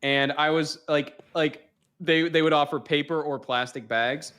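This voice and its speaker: A young man chatting casually as a guest, rambling and relaxed. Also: a little high, unhurried. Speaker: podcast guest. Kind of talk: casual chat.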